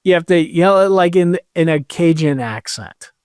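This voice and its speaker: A man with a smooth, clear voice, a touch higher than most, chats as a podcast co-host. He rambles in a jokey, animated way. The sound is dry and close. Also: moderate pace, no room sound. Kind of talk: casual chat.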